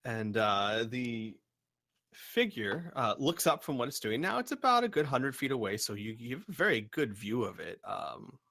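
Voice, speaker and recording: A man narrating as game master, halting with many fillers. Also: medium pitch, very animated, creaky, bright, forceful tone.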